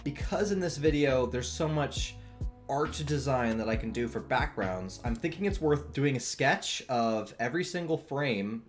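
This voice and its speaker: A young man in a relaxed, chatty mood, talking with his stream audience while he sketches. His voice sits at an ordinary pitch but moves around a lot, rising and falling as he goes, and he laughs easily between thoughts. A faint music bed plays under him. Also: a little slow. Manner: relaxed, chatty, laughs often, answers chat. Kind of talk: casual chat while drawing on stream.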